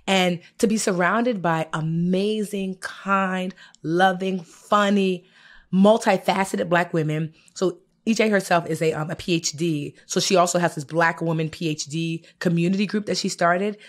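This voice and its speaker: A woman co-hosting a podcast in a studio, telling a story in an animated, chatty way. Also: on the low side, moderate pace. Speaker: podcast co-host. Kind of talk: casual chat.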